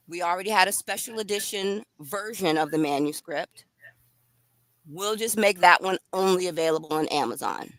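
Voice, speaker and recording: Bright, chatty woman hosting a live read. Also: fairly low pitch, no room sound, rough recording. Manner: chatty, enthusiastic, addresses viewers directly. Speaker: author and live-stream host. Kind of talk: lively live-stream chat.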